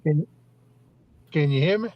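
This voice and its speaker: A man's voice: on the high side, animated, unhurried, highs cut off. Easygoing man calling in from his truck. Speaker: livestream guest. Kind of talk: casual livestream chat. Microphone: phone video call.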